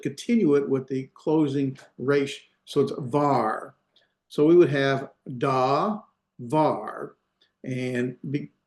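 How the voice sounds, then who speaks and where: A man's voice: medium pitch, a little mellow, echoey room. A man teaching an online class, explaining step by step with patient repetition and many fillers, heard over a video call. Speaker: Hebrew instructor.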